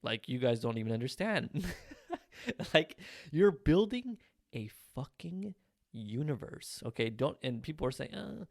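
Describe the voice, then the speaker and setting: A young man hosting a solo movie review podcast, talking in an animated, blunt way and swearing freely. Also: mid-range voice, unhurried, vocal fry, dry recording, studio quality. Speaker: podcast host.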